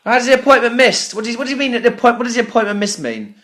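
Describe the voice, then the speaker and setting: A man's voice: very high-pitched, animated, very fast, fairly bright tone, a little hiss or hum. A British man making an angry complaint on a phone call to customer service, ranting sarcastically, swearing and stammering over repeated words. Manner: swears often. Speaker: business owner calling customer service.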